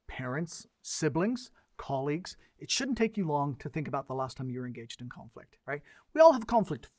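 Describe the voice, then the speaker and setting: A man's voice: a little high, dry recording, studio quality. A middle-aged man, a mediator, giving an earnest educational lecture full of rhetorical questions and lists.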